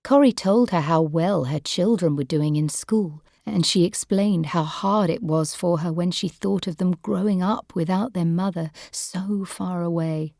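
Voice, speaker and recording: Slow, clear woman narrating a story. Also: lowish voice, a little mellow, no echo, studio quality. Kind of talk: scripted storybook narration for learners.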